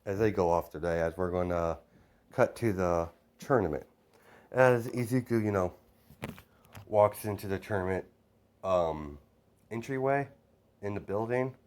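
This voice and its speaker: A man's voice: low voice, unhurried, pauses often, darkish tone. A young man improvising a fan-fiction story, rambling and correcting himself as he goes. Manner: rambling, off-the-cuff, self-correcting.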